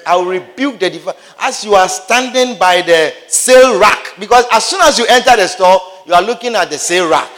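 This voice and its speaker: Male preacher with a high voice and a repetitive, scene-painting style, recorded in a hall with a long echo tail. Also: expressive, a little fast, few pauses, a bit bright. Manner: acts out scenes, repeats phrases for emphasis. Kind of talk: sermon.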